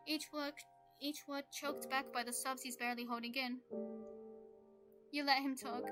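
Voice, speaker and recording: A woman's voice: high voice, flat delivery, a little slow, pauses often. A woman reading a story game aloud, emotional and getting teary. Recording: game music behind.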